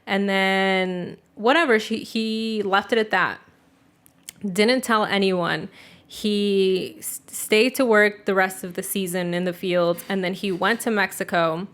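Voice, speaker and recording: A woman's voice: mid-range voice, fairly even intonation, slow pace, a bit bright. A young adult woman hosting a podcast, chatting casually and cursing freely, peppering her talk with "like" and acting out the voices of people in her stories. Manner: loose and profane, with heavy filler "like"; retells family stories by acting out the quotes. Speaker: podcast host. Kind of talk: casual chat.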